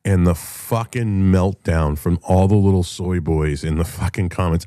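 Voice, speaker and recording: Middle-aged man, very deep and dark voice, dry sound, blunt and profane solo talk. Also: fairly even intonation, moderate pace, hardly any pauses, dry recording. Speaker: show host and rock musician. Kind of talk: casual solo monologue.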